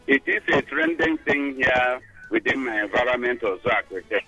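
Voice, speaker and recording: Emphatic Nigerian man, raspy, gravelly voice. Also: mid-range voice, moderate pace, dry recording, highs cut off, soft background music. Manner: emphatic, excitable, rising into shouts. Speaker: caller. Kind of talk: phone-in call.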